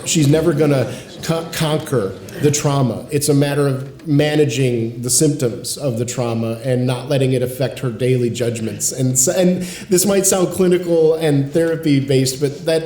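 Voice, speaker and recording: Podcast co-host, 40s man, earnest and reflective, mellow tone, roomy sound. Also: medium pitch. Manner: earnest, reflective, swears casually. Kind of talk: casual chat.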